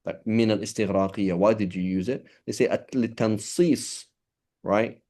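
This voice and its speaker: A man's voice: fairly low pitch, steady tone, normal speed, a little mellow. A man teaching a class, explaining in a loose, conversational way, often restarting and checking with "right?", mixing in Arabic terms. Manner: switches between English and quoted Arabic terms. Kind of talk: classroom lecture.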